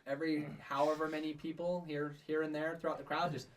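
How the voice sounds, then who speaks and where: A man's voice: fairly high pitch, flat delivery, fast talker, recorded from a distance, slight background noise. A man narrating a tabletop game as game master, rambling with many fillers. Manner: rambling, filler-heavy, frequent laughs.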